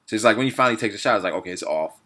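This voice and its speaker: A young man hosts a casual sports talk with friends, his pitch swinging widely as he gets worked up. He laughs often and lets his sentences fade out quietly at the end. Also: animated, very fast. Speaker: podcast host.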